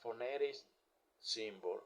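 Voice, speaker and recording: A man slowly reading out an English pronunciation lesson, one word or phrase at a time. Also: medium pitch. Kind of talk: slow scripted lesson narration.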